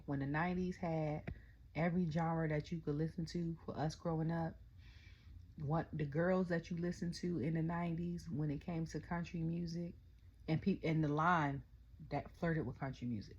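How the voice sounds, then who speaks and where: A young adult woman, ranting casually about a wrestling event, telling it in animated quotes and often asking "okay?". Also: sits low, dull audio, slight background noise. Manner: animated storytelling, quotes her own reactions, frequent "okay?". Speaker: wrestling review vlogger. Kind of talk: casual rant.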